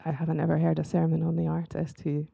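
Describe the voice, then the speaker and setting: A woman artist talking as a guest in a casual chat about faith and creativity, with a soft, gravelly voice. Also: low voice, monotone, fast talker, highs cut off.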